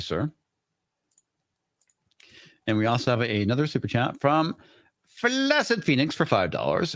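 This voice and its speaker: A man's voice: medium pitch, fairly bright tone, no room sound, studio quality. A man hosting a casual live stream, reading out super chats and joking loosely after a few drinks. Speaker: host.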